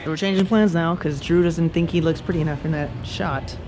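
Young man vlogger, quick and jokey, on a handheld camera, noisy surroundings. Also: fairly high pitch. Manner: teasing, fast, slangy banter. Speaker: vlogger filming behind the scenes. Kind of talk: casual joking vlog narration. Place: museum and car. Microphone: action camera. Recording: handheld action camera with background noise.

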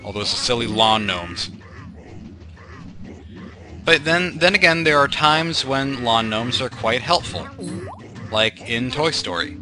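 A man's voice: mid-range voice, lively intonation, slow, pauses often, bright, forceful tone. A young man giving meandering, self-deprecating commentary over gameplay, full of fillers and tangents. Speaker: let's play commentator. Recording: game music playing behind. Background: game music.

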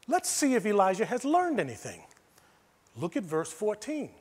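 A man's voice: high voice, huge pitch swings, normal speed, darkish tone, slightly rough. A man with an American accent, a pastor preaching a sermon, moving from near-whispers to emphatic preaching. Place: church sanctuary. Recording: long church hall reverb.

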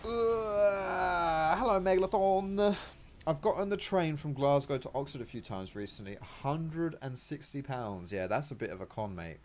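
A man's voice: mid-range voice, very animated, moderate pace, few pauses, a little mellow, slight background noise. A young man with an English accent, chatting casually and rambling as he streams a game and answers his chat. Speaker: gaming streamer. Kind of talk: casual chat while playing and reading chat.

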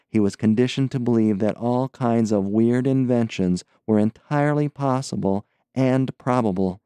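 A man reading an adventure novel aloud in a measured, steady narration. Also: fairly low pitch, smooth, no room sound. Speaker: audiobook narrator. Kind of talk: scripted narration.

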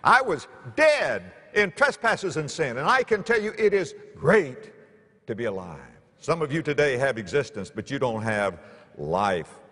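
A male preacher telling stories from the pulpit, his voice leaping from hushed lows to ringing highs. Behind him is the long reverb of a large church sanctuary. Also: measured pace. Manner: animated, dramatic swings in pitch and loudness. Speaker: pastor. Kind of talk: storytelling sermon.

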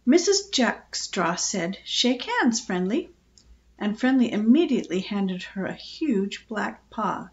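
Older grandma storyteller, lively reading, dull lo-fi recording. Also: female voice, mid-range voice, measured pace, few pauses. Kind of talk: reading a children's book aloud.

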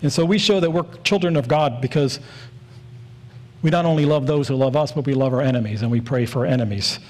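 A man's voice: mid-range voice, a little mellow. A man in his forties preaching a sermon in an earnest, storytelling way, leaning on repeated phrases.

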